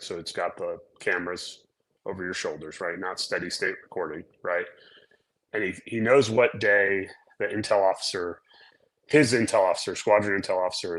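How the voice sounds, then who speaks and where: A man's voice: low-pitched, poor audio. A middle-aged man, co-host of a casual show, telling an anecdote and acting out the quotes with lots of "right?". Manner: animated storyteller acting out quotes, frequent "right?". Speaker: podcast co-host, former naval aviator. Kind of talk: casual chat, storytelling.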